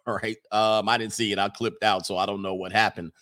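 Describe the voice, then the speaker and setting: A young man hosting a casual livestream, reading viewer messages aloud and riffing on them, animated and laughing often. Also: lowish voice, fairly quick. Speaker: livestream host reading super chats.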